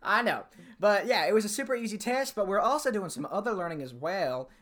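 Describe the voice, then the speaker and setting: A man's voice: sits high, lively intonation, brisk, fairly bright tone. A teenage boy with a put-on Southern cowboy accent, chatting on a podcast, full of fillers and restarts. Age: teens. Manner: rambling, lots of fillers and restarts; self-mocking, fake cowboy drawl. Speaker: podcast co-host. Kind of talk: casual chat.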